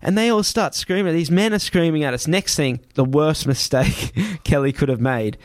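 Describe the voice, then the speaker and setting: A man's voice: a little high, moderate pace, no room sound. A young man casually recounting a story as a guest, swearing heavily and restarting phrases as he goes. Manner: heavy swearing, vivid re-telling with restarts. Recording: dry close sound.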